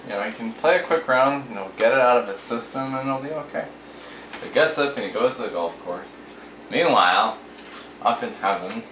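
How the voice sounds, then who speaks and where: A man with a fairly low voice tells jokes in a loose, chatty way and slips into quick voices for the people in them. The room is echoey, with a faint hiss behind him. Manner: relaxed storyteller, acts out voices in quotes. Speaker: joke teller. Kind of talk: casual joke telling.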